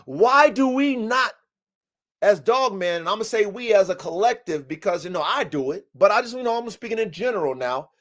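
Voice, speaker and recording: A man's voice: sits high, expressive, a little fast, fairly bright tone. A man hosting a casual livestream podcast about dogs, talking in a profane, emphatic, preaching way. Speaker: podcast host and dog breeder.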